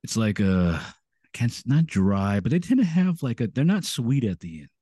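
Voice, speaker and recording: A man's voice: mid-range voice, sing-song, moderate pace, warm tone, husky, no room sound, clean studio sound. A man co-hosting a casual beer podcast, hesitant and often searching for the right word. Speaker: podcast co-host. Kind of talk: casual chat.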